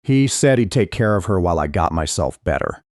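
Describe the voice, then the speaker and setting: A deep-voiced man reads a suspense audiobook in the first person, with dramatic emotion. His pitch rises and falls widely. The sound is close and dry. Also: lively intonation, a little fast, darkish tone, no echo. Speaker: audiobook narrator.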